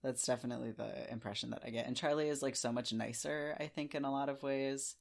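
A man co-hosting a book podcast in casual chat. He talks fast and animatedly, with sarcastic asides and offhand swearing. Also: medium pitch, fairly even intonation, creaky. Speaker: podcast co-host.

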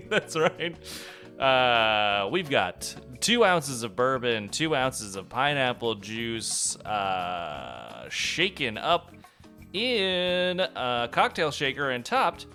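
Male podcast co-host, bright lively voice, quick to laugh, faint music underneath. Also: medium pitch. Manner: laughs often, animated and joking. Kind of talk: casual chat.

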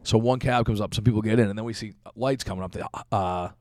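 A young man talks fast and loose, piling on fillers and swearing as he tells a story. His voice sits on the low side and the sound is dry and close, with no room echo. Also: a little mellow. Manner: rambling, profane, lots of fillers. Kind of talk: casual chat.

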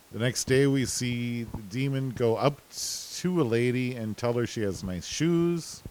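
A man's voice: mid-range voice, darkish tone, rough recording. A man co-hosting a casual recap chat, laid-back and hesitant, with many fillers. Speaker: podcast co-host.

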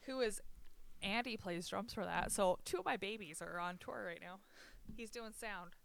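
A woman's voice: medium pitch, moderate pace, creaky. A young woman hosting a podcast, talking candidly and rambling, laughing often. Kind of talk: casual chat.

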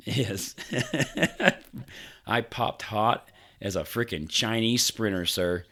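A man's voice: fairly low pitch, huge pitch swings, drawn-out words, bright, forceful tone. A man, chatting casually on a podcast. He rambles through a long story, swearing freely and laughing along the way. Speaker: podcast co-host. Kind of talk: casual chat.

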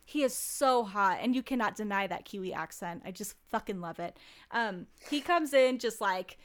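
A woman's voice: mid-range voice, animated, normal speed. A young woman in casual chat, recapping a reality show with lots of "like" and "um" and free swearing. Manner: chatty, swears freely, lots of "like" and "um".

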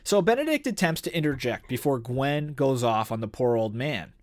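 A man talks through a novel in a casual podcast, his pitch jumping around as he acts out bits of dialogue. The sound is dry and close, with no room behind him. His delivery moves between relaxed chat and reading aloud. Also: moderate pace, dry recording. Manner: animated, reads passages and paraphrases characters. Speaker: podcast co-host discussing a book.

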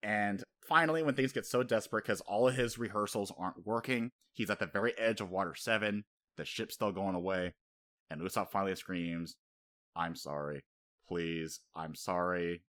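A young man co-hosting a podcast who recaps a story in casual, animated chat, swearing freely and acting out character lines. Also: fairly low pitch, fairly quick. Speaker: podcast co-host.

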